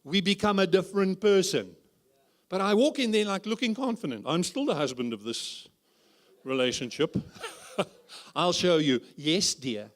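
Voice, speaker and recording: A man's voice: high voice, animated, moderate pace, pauses often. A man preaching as a guest speaker at a church conference, humorous and full of rhetorical questions. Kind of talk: conference sermon.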